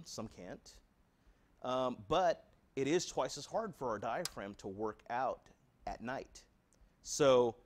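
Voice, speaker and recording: A man with an American accent gives a patient education talk, mid-pitched and direct. He presses his points with rhetorical questions, earnest and practical, speaking straight to the families in front of him.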